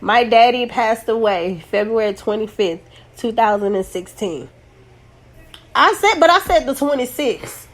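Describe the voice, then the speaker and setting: A woman's voice: fairly high pitch, lively intonation, unhurried. A woman hosting a casual podcast who rambles and corrects herself, joking while holding back tears. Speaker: podcast host.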